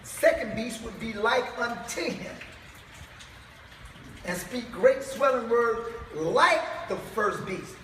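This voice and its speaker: A man's voice: extremely high pitch, lively intonation, takes it slowly, pushed and bright, a little hiss or hum. A man preaching to a live congregation, emphatic and firing rhetorical questions at the crowd. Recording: echoey hall, far from mic.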